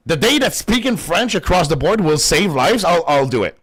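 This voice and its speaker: Passionate profane man, lively pitch. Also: normal speed, hardly any pauses, slightly rough, no room sound. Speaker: gaming streamer. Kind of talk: casual ranting commentary.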